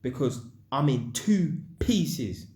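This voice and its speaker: A man's voice: mid-range voice, very animated, slow, a little mellow, echoey room. A man vlogging, telling a personal story in casual slang and acting out sound effects. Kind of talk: storytelling monologue.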